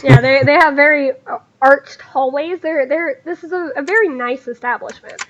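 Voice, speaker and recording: A woman narrating a tabletop game as game master, talking in a halting way full of fillers. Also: high voice, fairly bright tone, lo-fi sound.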